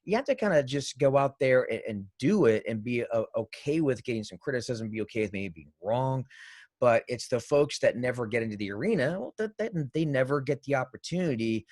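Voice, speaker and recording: Energetic rambling male podcast co-host. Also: mid-range voice, fairly quick, no echo, clean studio sound. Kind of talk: casual live-stream chat.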